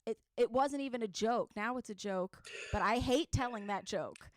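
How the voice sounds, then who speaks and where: A woman's voice: on the high side, moderate pace, no echo. A woman of thirty, a comedian hosting a podcast, telling stories in casual chat and slipping into quoted voices. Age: 30s. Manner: animated storytelling with quoted voices.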